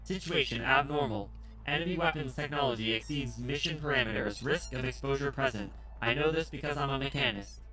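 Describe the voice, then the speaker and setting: A man voicing a terse male tactical engineer, reading a game story aloud in a flat, clipped, mechanical delivery. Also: medium pitch, a little fast, over music, lightly acted, poor audio. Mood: clipped report.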